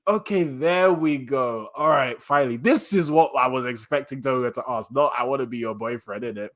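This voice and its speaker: An excitable man reacts to a manga chapter in loose, slangy commentary. His voice sits at an ordinary middle pitch, and he jumps between reading panels and blurting out his own reactions. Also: moderate pace, hardly any pauses. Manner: excitable, slangy, reads panels aloud with bursts of laughter.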